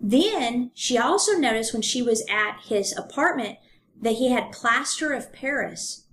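A woman's voice: fairly high pitch, animated, unhurried, a bit bright. Woman co-host, conversational true-crime storyteller, loose and chatty, with a faint hiss under the voice. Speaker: podcast co-host. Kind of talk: casual true-crime podcast retelling.

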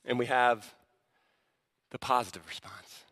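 A man's voice: medium pitch, a little slow, pushed and bright. A man preaching a sermon as pastor, teaching in a conversational way that builds to fervent emphasis. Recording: long reverb of a large hall.

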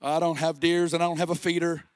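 A middle-aged man preaching a sermon with passion, sometimes rising to a shout. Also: on the high side, flat delivery, fast talker, clean tone, dry recording. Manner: impassioned, rising to shouts at peaks.

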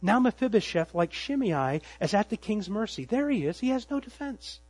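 A man preaching a sermon, telling the story dramatically and swinging from loud emphasis to hushed tones. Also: high-pitched, very animated, moderate pace, slightly rough, no echo, poor audio. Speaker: pastor. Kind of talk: expository sermon.

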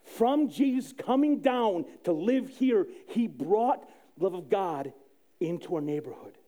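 A male pastor preaching in a high, very lively voice with a mellow, dark tone. He tells stories with sudden drops to near-hushed speech and loud, punchy quoted lines. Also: measured pace. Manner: animated storytelling with sudden soft drops and loud quoted outbursts. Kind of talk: sermon.

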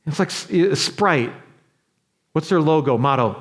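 A man preaching a sermon as a pastor. He drops to quiet asides and builds to impassioned appeals, acting out quoted voices along the way. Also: a little high, lively intonation, moderate pace, husky. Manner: acts out quoted voices in a chatty way.

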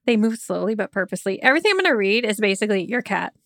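A woman's voice: medium pitch, lively intonation, rapid-fire, a bit bright, dry recording, clean studio sound. A woman from Oklahoma co-hosting a casual podcast chat, reading facts from notes with chatty asides. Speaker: podcast co-host.

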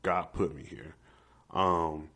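Young male guest, very low voice, earnest storyteller. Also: slow pace, vocal fry, sharp tone. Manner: earnest, emotional, quotes himself and others. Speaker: activist guest. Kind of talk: personal storytelling in conversation.

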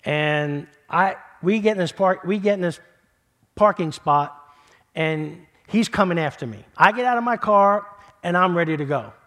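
Middle-aged pastor guy from new york telling a story in his sermon, kinda high voice, talks loose and repeats himself. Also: lively intonation, normal speed. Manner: conversational, repeats words, builds then drops to a hush.

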